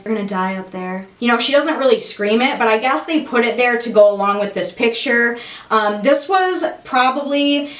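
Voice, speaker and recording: Young woman vlogger, high-ish voice, gushing and excitable, roomy echo. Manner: gushing, excitable, swears casually. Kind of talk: casual haul vlog. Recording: echoey room.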